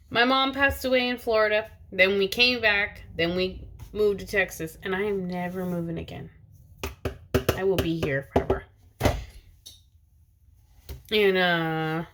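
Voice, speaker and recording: A woman's voice: mid-range voice, pushed and bright. A woman in her thirties, a mother of two, chatting casually to camera in a rambling way with lots of fillers and restarts. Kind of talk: casual personal vlog chat. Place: in a car, driver's seat.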